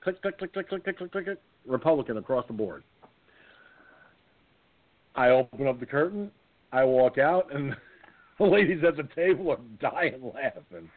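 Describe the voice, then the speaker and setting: Animated older man telling a funny story. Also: normal speed, long pauses. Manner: comic anecdote teller, jumps into high silly voices. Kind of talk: casual storytelling chat. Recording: phone-line audio.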